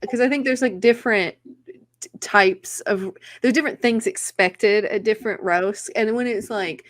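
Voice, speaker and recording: A woman's voice: mid-range voice, normal speed. Chatty woman comedian. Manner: chatty, lots of likes and ums. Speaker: comedian guest. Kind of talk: casual chat.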